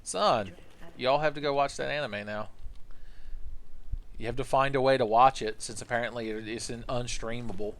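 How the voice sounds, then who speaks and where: A man's voice: mid-range voice, fairly even intonation, moderate pace, pauses often. A male game streamer talks casually on a live stream, joking and rambling as he answers his chat. His voice sits mid-range, with a faint ambient hum behind it.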